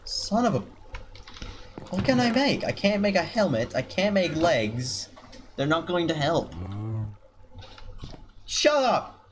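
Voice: medium pitch, expressive, unhurried. A gamer doing let's-play commentary, swearing constantly and grumbling at the game's animals. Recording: noisy with keyboard clicks. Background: keyboard typing.

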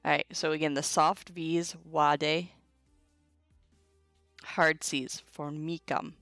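A young woman runs a casual livestream Latin lesson, talking slowly and informally with side remarks to her viewers. Her voice sits a little low and is recorded dry and close, with faint music playing behind her. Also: steady tone, gravelly, a bit bright, no room sound. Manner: chatty and informal, with asides to chat. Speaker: Latin tutor streaming a live lesson.

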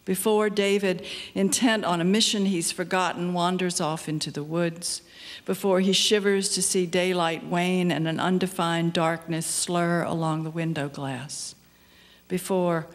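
Older woman poet, reading aloud at an unhurried pace, low-ish pitch, hushed in places. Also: steady tone. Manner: slow, measured reading with soft, hushed passages. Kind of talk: poetry reading.

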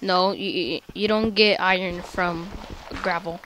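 A woman casually chatting while playing a game, playful and excitable, guiding a new player. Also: on the low side, a little slow, background noise. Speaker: gameplay host. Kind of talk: casual gaming chat.

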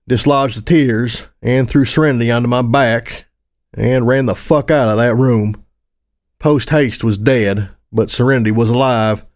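Guy reading a rough first-person story, mid-pitched voice, swears casually, expressive. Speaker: audiobook narrator.

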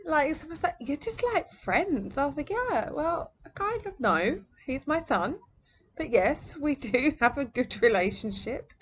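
A woman's voice: sits high, highs cut off, a little hiss or hum. A woman hosting a podcast, telling a story in a casual, chatty way and laughing often. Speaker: podcast host. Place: home near the sea, indoors.

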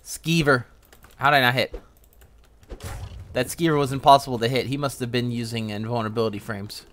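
A young man streaming a game, giving casual, joking commentary with excitable outbursts. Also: medium pitch, a little fast.

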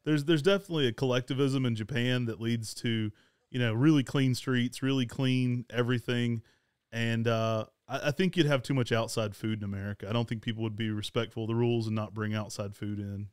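A talkative, energetic man, co-hosting a casual travel chat and laughing often. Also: medium pitch, fairly quick, clean tone, no echo, studio quality. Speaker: show co-host.

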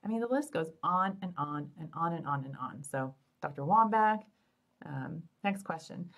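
A woman's voice: deep voice, lively intonation, moderate pace. A middle-aged woman, a fertility doctor hosting a live Q&A, answering questions in an upbeat, joking, chatty way. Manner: upbeat, chatty, joking, addresses listeners as "you guys". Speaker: fertility doctor and show host.

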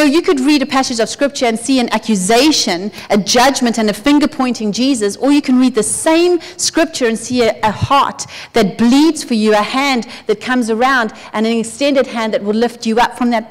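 A woman preaching a sermon in an earnest, conversational way, her voice often dropping soft. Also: on the high side. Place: church hall. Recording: church hall with long reverb.

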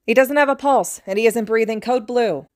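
A woman voicing a commanding female emergency doctor who shouts urgent orders. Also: lowish voice, fast, no room sound, studio quality, natural voice.

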